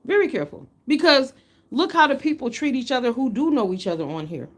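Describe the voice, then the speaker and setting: A woman's voice: high-pitched, very animated, a little fast. A middle-aged woman from the United States, hosting a casual livestream and talking bluntly and animatedly, with free swearing. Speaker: livestream host.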